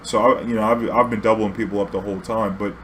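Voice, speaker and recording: A young man, a former cab driver, telling a loose, profane story from his driving days. His voice sits on the low side, and he keeps looping back and restarting. He laughs often as he goes. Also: flat delivery, quick pace, fairly bright tone, a little hiss or hum. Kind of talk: casual storytelling vlog.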